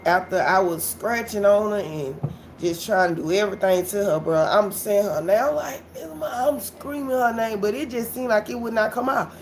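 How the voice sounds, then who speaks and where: Profane, animated woman live-streaming a story. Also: medium pitch, normal speed, a little hiss or hum. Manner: animated, blunt and profane, addresses viewers as y'all. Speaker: livestreamer.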